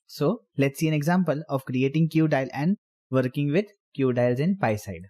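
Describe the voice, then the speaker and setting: Man with a dark, mellow voice teaching code. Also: fairly high pitch. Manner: talks while typing, halting phrases. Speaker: programming tutor. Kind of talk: screen-recorded coding tutorial.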